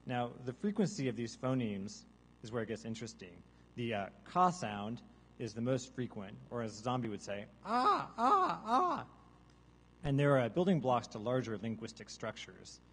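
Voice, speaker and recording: A man giving a deadpan mock science lecture to a live audience, now and then breaking into loud seagull caws and zombie groans. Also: mid-range voice, moderate pace, a little hiss or hum, rough recording. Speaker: guest artist presenting research. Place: large hall with a live audience.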